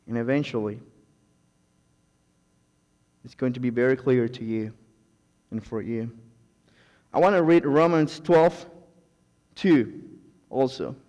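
A man delivers a sermon with fervent, repetitive thanks and calls of amen, in English that is not his first language. His delivery is slow and unhurried. A long reverb from the church hall trails each phrase. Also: medium pitch, darkish tone, dull audio. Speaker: preacher.

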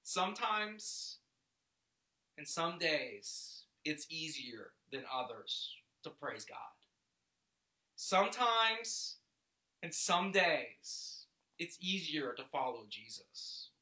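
A man's voice: fairly high pitch, sing-song, bright, forceful tone, roomy sound. A man reading scripture and leading a guided reflection, asking listeners to picture the scene. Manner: slow, questioning, invites listeners to imagine. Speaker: devotional video host.

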